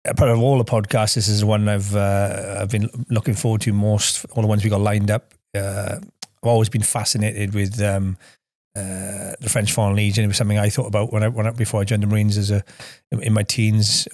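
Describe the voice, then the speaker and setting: Male podcast host, low, flat delivery, halting questions, dry close sound. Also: dry recording. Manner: halting, rambling questions with many restarts. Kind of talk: conversational interview questions.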